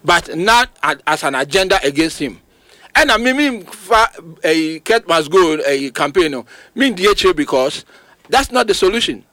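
Ghanaian guy ranting about football on radio, kinda high voice, dry close sound. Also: normal speed, no room sound. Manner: emphatic, animated, rising to sudden high outbursts. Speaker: football pundit. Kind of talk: radio sports talk, mixing Twi and English.

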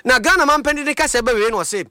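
Male news reporter, high bright voice, fast brisk read, dry studio sound. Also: no room sound. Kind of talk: news voice-over.

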